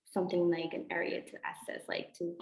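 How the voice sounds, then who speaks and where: A woman's voice: lowish voice, completely flat delivery, fairly quick, creaky, echoey room, rough recording. A young woman student presenter, hesitant and full of fillers as she explains a health point. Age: young adult. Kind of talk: casual presentation.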